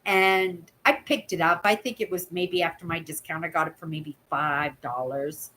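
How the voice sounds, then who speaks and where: A woman's voice: on the low side, fairly even intonation, normal speed, sharp tone, low-quality recording. A woman, chatting casually as a channel host and telling stories with a running "right?". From Canada. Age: 60s. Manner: chatty storyteller, keeps asking "right?"; acts out voices in quoted dialogue. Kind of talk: casual live chat.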